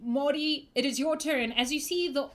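A woman's voice: high voice, fairly even intonation, moderate pace, fairly bright tone. A young woman narrating as game master of a tabletop game, playful and teasing.

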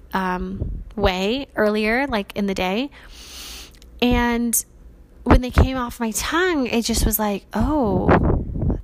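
A woman's voice: fairly high pitch, a little hiss or hum. A woman hosting a podcast, telling a personal faith testimony in an earnest, chatty way full of casual fillers. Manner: earnest, chatty, many fillers like "like" and "you guys". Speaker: podcast host.

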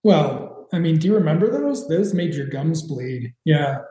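A man's voice: a little high, lively intonation, measured pace, mellow, reverberant, low-quality recording. A man co-hosting a podcast, recapping a TV episode in rambling casual chat with sarcastic asides. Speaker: podcast co-host.

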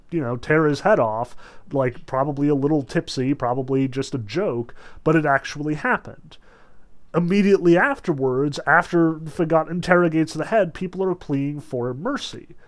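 A man teaching a novel in a casual, chatty lecture with many fillers, reading passages aloud and breaking them down. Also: a little high. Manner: animated and chatty, with frequent fillers. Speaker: literature teacher.

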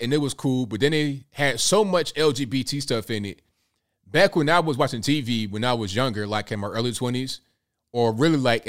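A man's voice: medium pitch, a bit bright. A young man hosting a reaction commentary, talking bluntly and repeating himself in a conversational way. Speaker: commentary host.

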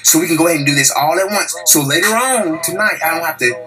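A man's voice: fairly high pitch, quick pace, pushed and bright, soft background music, rough recording. An angry man delivering a heated, profane podcast monologue, repeating himself as he rants. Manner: heated, profane, repetitive ranting.

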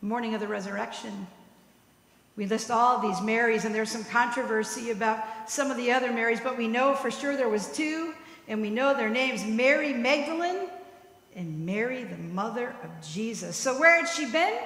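Woman preacher with a high, bright voice who tells stories and checks in with "right?", heard in a reverberant hall. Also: moderate pace. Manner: storytelling, tagging points with "right?". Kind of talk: sermon. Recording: echoey hall with long reverb.

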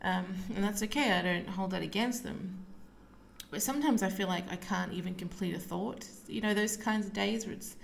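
A woman hosting a casual solo podcast, talking while lying down at home, relaxed and rambling with many fillers. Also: medium pitch, normal speed, gravelly, a little hiss or hum. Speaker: podcast host and psychic medium.

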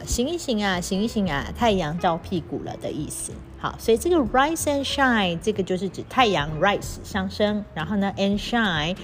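A woman teaching English through a storybook, reading lines slowly and spelling words out letter by letter. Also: medium pitch. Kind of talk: storybook reading lesson with explanations.

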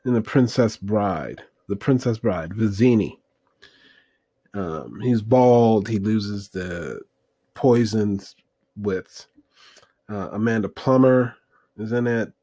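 A man's voice: lowish voice, slow, pauses often, warm tone, husky, no room sound. A man rambling through a casual movie review, hesitant and full of fillers as he looks things up while talking.

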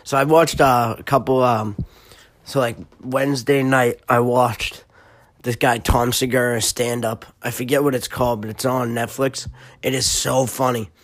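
Young male podcast host, Boston accent, mid-pitched, rambling and crude, dry close recording. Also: level tone, normal speed, no echo. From Massachusetts. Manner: rambling, profane, full of fillers. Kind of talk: casual solo podcast chat.

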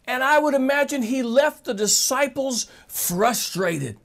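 A man's voice: very high-pitched, animated, measured pace. A man preaching a sermon, talking straight to his listeners with emphatic rhetorical questions.

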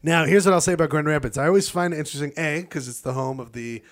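A man co-hosting a podcast, telling travel stories in animated casual chat and slipping into goofy voices. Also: on the high side, fast talker. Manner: animated storytelling, swings into silly voices. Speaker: podcast co-host.

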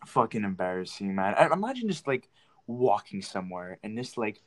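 A man's voice: lowish voice, very animated, a little fast. A young man hosting his own show, telling rambling, profane stories in a casual chat. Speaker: podcast host.

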